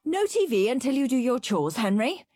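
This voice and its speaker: A woman's voice: on the high side, sing-song, normal speed, a little mellow, soft background music, voice pushed up. Woman doing a stern, bossy mum. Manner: firm commands.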